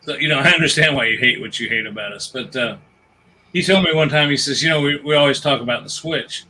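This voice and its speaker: Bright-voiced man telling a rambling story. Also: medium pitch, fast talker, a little hiss or hum, rough recording. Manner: rambling storyteller, restarts and retells jokes. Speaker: podcast co-host. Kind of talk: casual chat.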